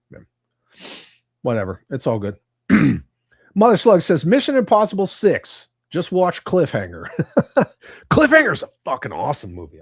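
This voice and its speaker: Profane, animated male livestream host. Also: fairly low pitch, no echo, clean studio sound. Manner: crude, profane, animated banter. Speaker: livestream host reading chat. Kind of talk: casual livestream chat.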